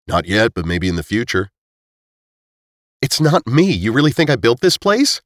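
A man's voice: medium pitch, sing-song, normal speed, fairly bright tone, dry recording, clean studio sound, voice pushed up. A male narrator voicing a skeptical young man reasoning things out in a storybook reading. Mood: denying.

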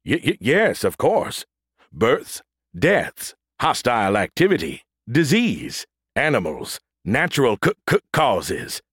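A man voicing a damaged, stuttering android soldier in a battlesuit with a booming voice, in an audiobook. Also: huge pitch swings, fairly bright tone, husky, dry recording, clean studio sound, full character voice. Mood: eager booming. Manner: stutters on first sounds, booming, slow drawn-out words. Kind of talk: audiobook character voice.

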